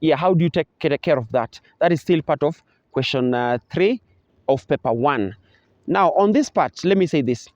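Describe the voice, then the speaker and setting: A middle-aged Kenyan man gives an exam revision lecture in a somewhat high voice, stopping to model sounds and intonation. The recording is dry and close, with no room sound. It also sounds a little dull and muffled. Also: lively intonation, moderate pace, darkish tone, no room sound. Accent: Kenyan English. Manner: explains patiently, acts out pronunciation and intonation examples. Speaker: teacher.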